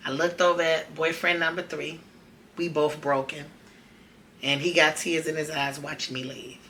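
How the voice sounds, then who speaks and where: A woman's voice: low-pitched, flat delivery, normal speed, sharp tone, slight background noise. A woman, host of a podcast, telling a personal story in a conversational, emotional way and acting out the dialogue. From Chicago.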